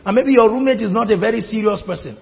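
High-voiced gravelly preacher. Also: male voice, fast talker, muffled recording. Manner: impassioned preaching, swings from hushed to shouting. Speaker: pastor. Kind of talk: sermon. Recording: hall reverb with faint music.

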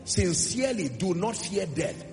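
A man preaching a sermon to a church congregation, emphatic, with rhetorical questions and swings between loud declarations and soft asides. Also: high-pitched, very animated, measured pace. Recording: long hall reverb with music underneath. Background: music.

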